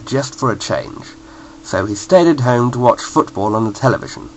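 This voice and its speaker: A man reading a children's bedtime story in a playful, expressive way. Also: mid-range voice, slight background noise, poor audio.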